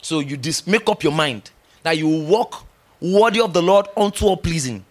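A man's voice: a little high, moderate pace. A middle-aged man preaching a sermon, emphatic and teasing, acting out little dialogues as he goes. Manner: animated, emphatic, teasing, with laughs and acted-out dialogue.

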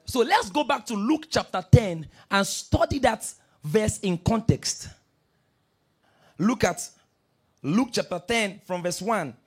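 A male pastor preaching a sermon, telling stories with energy and swinging between soft asides and loud declarations. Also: high voice, expressive, slow pace, slightly rough.

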